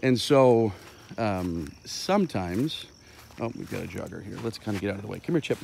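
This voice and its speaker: A man with a fairly low voice talks through dog training ideas while out on a walk, rambling and pausing with many fillers. The outdoor recording carries a faint bed of insects and crickets behind him. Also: animated, vocal fry, background noise. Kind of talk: impromptu explanatory talk on a walk.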